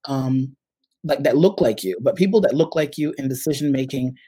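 A man's voice: mid-range voice, normal speed, husky, dry recording, low-quality recording. A middle-aged man with a New York accent, a startup CEO and guest, telling stories in casual conversation and acting out what others said. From United States. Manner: animated storyteller, acts out quoted voices.

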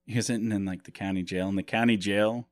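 Man, low voice, podcast co-host, rambling, laughs a lot, dry recording. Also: fairly even intonation, fast talker, no room sound. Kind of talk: casual chat.

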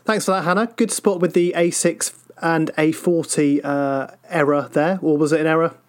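A podcast co-host, brisk and playful, thanking a contributor and introducing the next segment. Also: medium pitch, fairly even intonation. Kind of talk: casual podcast chat.

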